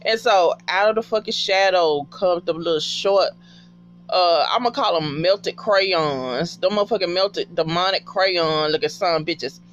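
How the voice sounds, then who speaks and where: A woman giving a casual TV episode recap in an animated, profane way and talking back to the characters. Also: fairly low pitch, a little slow, lo-fi sound, slight background noise.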